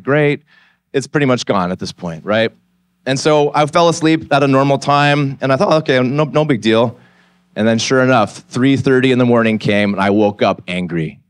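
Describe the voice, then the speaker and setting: A pastor in his forties preaches from a church stage at an ordinary, mid-range pitch for a man. He tells his story in a candid, conversational way and then turns to an earnest appeal. The sound is dry and close, with very little room echo. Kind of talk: sermon.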